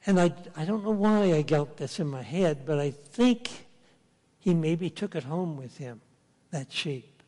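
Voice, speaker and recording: Brief: storytelling preacher, slow and fairly high-voiced, reverberant hall. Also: male voice, lively intonation, darkish tone. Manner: folksy storytelling, acts out the characters. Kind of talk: sermon.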